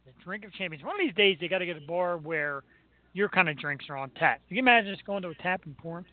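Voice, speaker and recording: A man's voice: high voice, animated, fast talker, dry recording. A man hosting a radio show, chatting casually in a joking, self-mocking way. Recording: tinny phone-like line.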